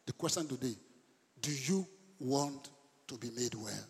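Male pastor, passionate sermon, raised voice, husky, live in an echoey church hall. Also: mid-range voice, measured pace. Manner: impassioned preaching, rising to shouts.

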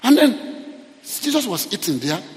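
A man preaching a sermon, pleading with his congregation in an animated way. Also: sits high, unhurried. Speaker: pastor. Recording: echoey hall reverb.

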